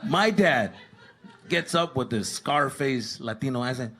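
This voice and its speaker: A man from Arizona doing animated, profane stand-up comedy storytelling. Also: medium pitch, measured pace. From Tucson, Arizona. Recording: live stage with crowd noise.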